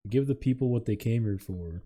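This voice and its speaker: A man's voice: medium pitch, fairly quick, warm tone. A man co-hosting a casual podcast, crude and teasing, laughing a lot. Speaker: podcast co-host. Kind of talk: casual chat among friends.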